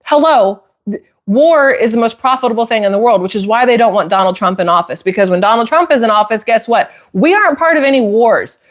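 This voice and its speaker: A woman hosting a casual opinion talk for viewers, heated and emphatic, climbing into outraged near-shouts. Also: fairly high pitch, brisk. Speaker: political commentary host.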